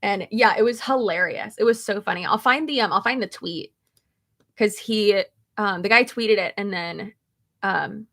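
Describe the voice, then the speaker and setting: Chatty gravelly-voiced woman vlogger. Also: mid-range voice, normal speed. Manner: rambling, many fillers and restarts, animated. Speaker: beauty vlogger. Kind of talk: casual chatty storytelling.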